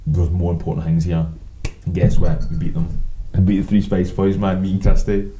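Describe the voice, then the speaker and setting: A man's voice: low-pitched, completely flat delivery, a little fast, dark tone, a little hiss or hum, poor audio. A Scottish man co-hosting a podcast, telling rambling, swear-laden anecdotes in casual chat and acting out both sides of the conversations. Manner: sweary, rambling anecdotes with quoted back-and-forth. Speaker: podcast co-host.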